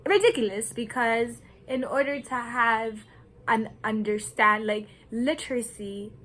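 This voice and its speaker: A woman from Kenya giving an earnest, deliberate personal reflection, with nervous laughs now and then. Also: mid-range voice, a bit bright, slight background noise, poor audio. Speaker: vlogger.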